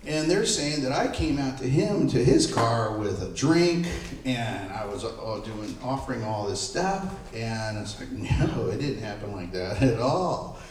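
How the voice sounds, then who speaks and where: An entertainment photographer in middle age tells stories at a live panel event, animatedly jumping into the voices of the people he quotes. His ordinary-pitched voice is unhurried and carries a strong, boomy echo, captured far from the mic with slight background noise.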